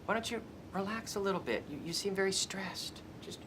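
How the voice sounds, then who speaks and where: A meddling painting buddy. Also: male voice, high voice, a little fast, fairly bright tone, slight background noise. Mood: coaxing. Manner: bossy, cajoling. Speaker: sketch character. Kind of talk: comic TV sketch acting.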